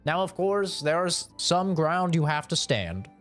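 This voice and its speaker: A man's voice: a little high, sing-song, unhurried, fairly bright tone, soft background music. A young man streaming a game, giving mock-serious life advice in a joking, preachy way. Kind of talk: casual gameplay commentary.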